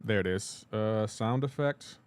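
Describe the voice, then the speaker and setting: A low-ish, unhurried male voice carries this casual live stream, where he plays a game and reads comments aloud. He talks to his chat in a loose, chatty way and greets viewers by name.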